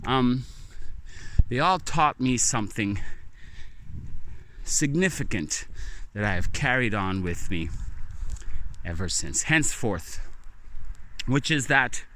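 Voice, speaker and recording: A man talks slowly on a night walk by a lake, rambling through stories with a chatty, profane edge. His bright voice rises and falls in lively swings, and a faint outdoor hum sits behind him. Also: medium pitch. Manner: chatty, profane, animated storyteller. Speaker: vlogger.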